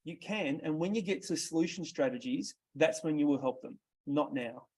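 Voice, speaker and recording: A man's voice: on the high side, moderate pace, a little mellow, breathy edge. A man with an Australian accent coaching a sales workshop, direct and quizzing his group as he goes. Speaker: sales trainer.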